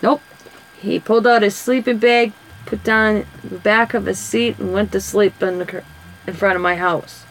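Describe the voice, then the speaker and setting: A woman's voice: mid-range voice, fairly even intonation, moderate pace, slight background noise, low-quality recording. A woman, telling rambling stories in casual chat while coloring for her craft vlog. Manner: rambling, chatty storyteller. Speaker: craft vlogger.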